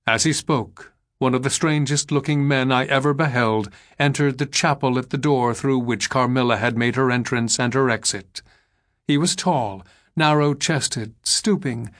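A man reading an audiobook in measured, expressive narration. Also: medium pitch. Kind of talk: scripted narration.

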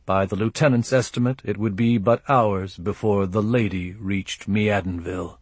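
Husky man narrating an audiobook. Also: fairly low pitch, steady tone, normal speed, dry recording. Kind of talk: first-person audiobook narration.

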